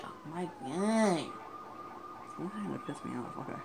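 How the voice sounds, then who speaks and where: Man, let's play commentary, frustrated, swearing, lively pitch, noisy recording with sirens. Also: measured pace, creaky. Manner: frustrated, swearing, ranting at the game. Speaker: gamer. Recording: noisy game audio with sirens. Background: police sirens and game sounds.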